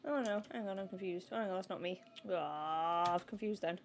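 A woman streaming a game from home into a desk mic, yelping and shouting at it with lots of exclamations. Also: lowish voice, brisk, a little hiss or hum. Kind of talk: live gaming stream commentary. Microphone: new desk mic.

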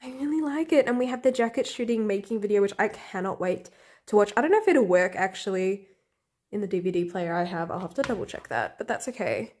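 A young woman vlogger unboxing albums in a room at home, gasping and gushing, often dropping to breathy half-whispered squeals. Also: medium pitch, animated, fast talker, darkish tone. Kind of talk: excited unboxing chat.

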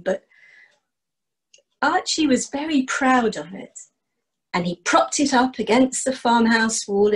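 Woman telling folk tales; unhurried, husky, measured rhythm. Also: on the high side, poor audio. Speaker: storyteller. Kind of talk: traditional folk storytelling.

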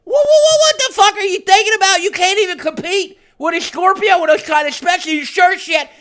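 A man's voice: extremely high pitch, fairly even intonation, moderate pace. A man voicing an angry, hot-tempered male gamer fan who rants, swears and stammers over his words in a comedic rant to camera. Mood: furious ranting. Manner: shouting rant, stammering repeats, heavy swearing.

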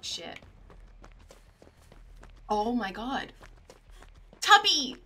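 A young woman, streaming herself playing a game and reacting in a panicky, excitable way. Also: high-pitched, unhurried, husky. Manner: excitable, panicky, often shrieking and laughing. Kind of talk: live gameplay commentary.

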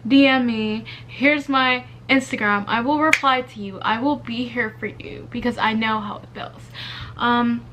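A woman's voice: a little high, a bit bright, a little hiss or hum. A young woman in college giving casual, earnest advice to her viewers, chatty with lots of fillers. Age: young adult. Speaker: vlogger. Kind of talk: casual heartfelt advice to camera.

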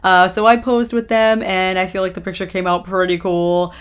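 A young woman vlogger chatting casually through a recap, rambling with lots of ums and likes and quick laughs. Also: fairly low pitch, flat delivery, clean tone.

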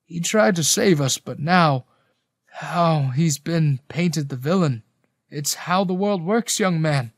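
A man voicing a weary, wise older village man in a spoken story, slow and solemn. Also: a little high, animated, no room sound, studio quality, exaggerated voice. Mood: sorrowful. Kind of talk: audiobook character voice.

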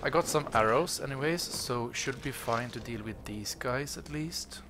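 A gaming channel host with a mid-range voice plays through a game at a moderate pace in this let's-play, chatting casually and relaxed, full of fillers. The background is noisy.

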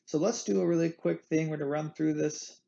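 A man's voice: on the high side, fairly even intonation, fairly quick, vocal fry, warm tone, muffled recording. A man teaching an anatomy lecture in a playful way, repeating the key terms. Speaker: anatomy instructor. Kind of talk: recorded lecture.

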